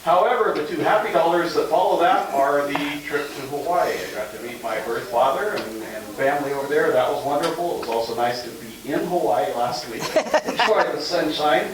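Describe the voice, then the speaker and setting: A man's voice: a little high, animated, normal speed, slight background noise. A man at a club meeting telling personal news in a chatty, anecdotal way. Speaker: club member. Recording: echoey hall from far off, crowd.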